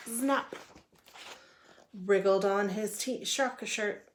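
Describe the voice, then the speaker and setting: A woman reads a children's picture book aloud, taking her time and leaning into every word with lively expression. Her voice sits at an ordinary pitch for a woman. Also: slow. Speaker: storyteller. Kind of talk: children's storybook read-aloud.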